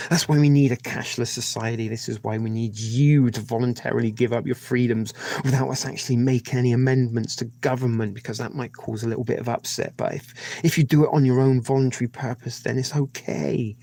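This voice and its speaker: A man's voice: mid-range voice, fairly even intonation, fairly quick, gravelly, dark tone. A man hosting a livestream, rambling casually with many hesitations. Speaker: livestream host.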